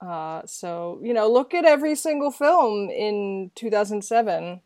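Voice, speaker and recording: A woman co-hosting a podcast in a relaxed, playful way, often dropping in jokes and quick asides. Her voice sits at a middle pitch and sounds close and dry. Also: dry recording. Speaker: podcast co-host. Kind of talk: casual chat.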